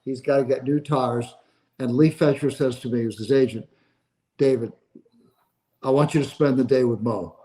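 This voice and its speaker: A man in his seventies, a sports agent guest, telling stories with animated energy and frequent laughter. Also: mid-range voice, moderate pace, pauses often, rough recording. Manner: animated, laughs through anecdotes. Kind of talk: casual storytelling.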